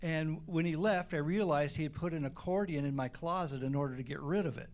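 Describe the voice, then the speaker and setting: A man's voice: fairly high pitch, fairly quick. A man, a band member guest, telling funny stories in a casual interview in a community TV studio. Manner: joking, chuckles through his stories.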